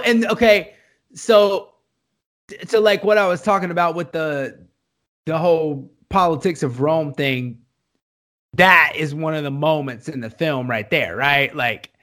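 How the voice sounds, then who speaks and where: A man's voice: a little high, measured pace, a bit bright. A man co-hosting a casual podcast, rambling through his points with many "like"s and restarts and laughing often. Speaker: podcast co-host. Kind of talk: casual chat.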